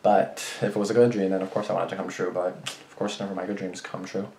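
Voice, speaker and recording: A man's voice: sits low, flat delivery, fast, vocal fry, a little mellow, slight background noise. A young man vlogging, rambling through anecdotes with lots of restarts and swearing. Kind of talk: casual rambling storytelling. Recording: roomy echo.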